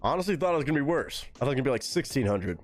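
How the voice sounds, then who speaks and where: A man from Texas hosting a live music reaction, talking excitably and swearing freely. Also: rapid-fire. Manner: excitable, swears freely, big swings in pitch.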